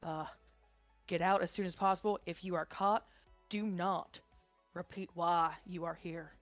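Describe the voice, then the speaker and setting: A woman's voice: lowish voice, steady tone, measured pace, soft background music, close to an everyday voice. A woman voicing a female cyborg crew member who broadcasts an urgent abort order over the radio in clipped commands, close to her own voice.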